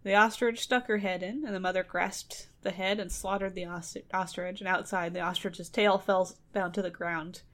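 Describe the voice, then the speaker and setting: A woman's voice: mid-range voice, fairly even intonation, moderate pace, hardly any pauses, fairly bright tone. A woman casually retelling a folktale on a podcast, chatty and laughing, briefly acting out the characters' lines.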